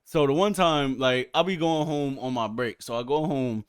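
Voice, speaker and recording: A man who is a musician and podcast guest, telling animated, profane stories in casual chat and acting out other people's lines loudly. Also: mid-range voice, normal speed, clean tone. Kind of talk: casual storytelling.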